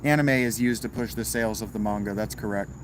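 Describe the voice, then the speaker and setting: A man's voice: on the low side, quick pace, slight background noise, rough recording. A man hosting a casual livestream, answering viewers in chat with a laid-back, wry manner and some swearing. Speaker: livestream host reading chat.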